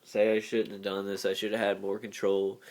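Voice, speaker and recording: A man's voice: lowish voice, completely flat delivery, brisk, a little mellow. A man recording a confessional video journal, talking in an emotional, rambling way with lots of filler words. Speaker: vlogger.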